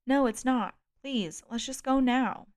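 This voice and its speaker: A woman's voice: mid-range voice, drawn-out words, a bit bright, clean tone. A woman reading aloud, voicing a frightened young woman who holds a gun and begs to be left alone. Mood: pleading. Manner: pleading then defiant, shaky.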